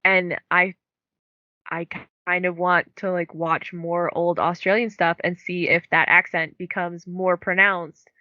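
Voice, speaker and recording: A woman's voice: fairly low pitch, little pitch movement, measured pace, pushed and bright, no room sound, lo-fi sound. A young woman co-hosting a book podcast, chatting casually and filling her talk with "like". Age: young adult. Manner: chatty, many "like" fillers. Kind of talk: casual chat.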